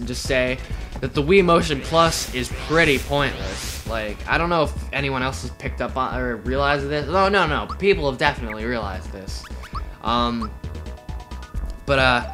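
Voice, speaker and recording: A young man giving rambling, joking commentary on a video game he is playing, with lots of fillers. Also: mid-range voice. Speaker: let's play commentator. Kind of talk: casual gameplay commentary. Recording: game music behind.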